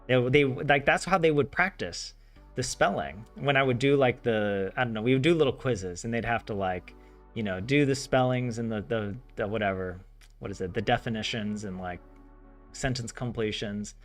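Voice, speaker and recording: This language-learner host, from the American South, talks at a normal speed in a medium-pitched voice with a Southern accent. His casual vlog chatter wanders, packed with fillers like "like" and animated side comments, over quiet game music.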